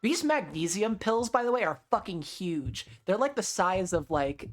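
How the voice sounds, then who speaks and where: A man's voice: sits high, expressive, moderate pace. A man streaming a visual novel, thinking aloud and swearing freely while he reads the text aloud. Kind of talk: casual let's-play commentary and reading aloud.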